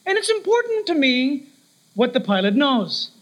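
Brief: male preacher, very high voice, animated sermon storyteller, calls out key words. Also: moderate pace, poor audio.

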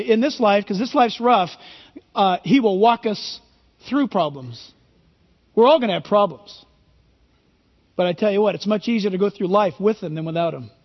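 A male pastor preaching a sermon, emphatic and full of rhetorical questions. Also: high-pitched. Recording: reverberant hall, dull lo-fi sound.

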